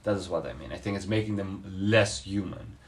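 A man's voice: low-pitched, brisk. A man co-hosting a podcast, talking through his views in a casual debate, thoughtful and hesitant, with many fillers and restarts. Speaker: podcast co-host.

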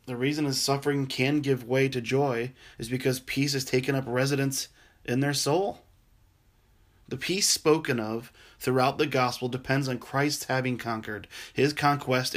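A male pastor delivering a sermon in an earnest, gentle way. His voice sits at an ordinary middle pitch, and he often drops softer and quieter to draw listeners close. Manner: earnest, gentle, dropping soft and quiet for tender passages.

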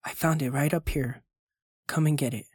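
Man doing a folksy ice cream truck driver, coaxing, flat mid-pitched voice, dry close sound. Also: normal speed, husky, no echo.

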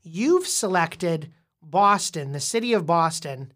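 A woman with a somewhat low voice hosts a casual podcast chat. She explains topics patiently and asks quiz-like questions. She often stumbles and repeats words mid-sentence. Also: animated, slow pace, fairly bright tone. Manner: frequent repeated restarts. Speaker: podcast host interviewing a young child.

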